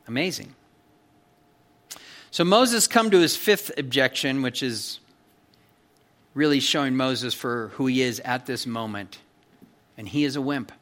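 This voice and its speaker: A man's voice: mid-range voice, a bit bright. A man preaching an expository sermon in a conversational, emphatic way, often checking in with his listeners. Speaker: pastor.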